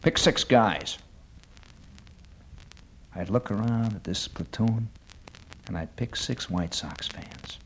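A man's voice: lowish voice, a little slow, slight background noise, rough recording. A man delivering a wry comic monologue on the radio, building sardonic lists toward a punchline.

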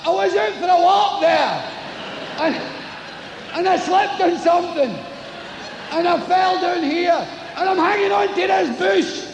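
A man voicing a panicked man dangling from a cliff bush, shouting for help in a shrill voice. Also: a little slow, creaky, pauses often, some chatter behind, slight background noise, full character voice. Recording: echoey hall, live venue.

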